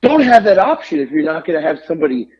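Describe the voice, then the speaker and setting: A man's voice: on the high side, fast, slightly rough, dull audio. A man co-hosting a podcast, telling a long exasperated story full of swearing. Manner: animated, profane, exasperated ranting. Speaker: podcast co-host. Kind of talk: casual storytelling rant.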